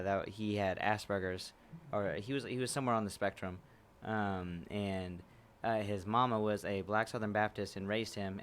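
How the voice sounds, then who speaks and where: A man's voice: fairly low pitch, fairly bright tone, a little hiss or hum. A male guest comedian in a radio studio, telling a story in a laid-back way with many fillers.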